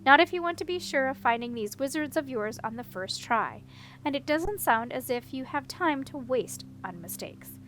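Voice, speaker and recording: A woman reading a brisk, unflappable witch in an audiobook, dry and matter-of-fact. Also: high-pitched, animated, a bit bright, slight background noise. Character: brisk, unflappable middle-aged female witch.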